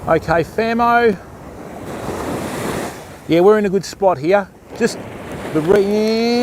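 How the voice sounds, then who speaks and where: Lively Australian man fishing live. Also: sits high, takes it slowly, pauses often, noisy background. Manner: chatty, greets viewers, explains rigs. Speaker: fishing livestream host. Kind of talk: casual live-stream commentary. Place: outdoors on a beach.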